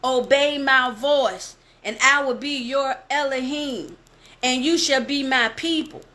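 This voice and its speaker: A woman with a high voice who reads scripture and preaches with passion. She talks straight to her listeners and slows down to lean on key phrases. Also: bright, forceful tone. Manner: impassioned, addresses listeners directly. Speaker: bible teacher.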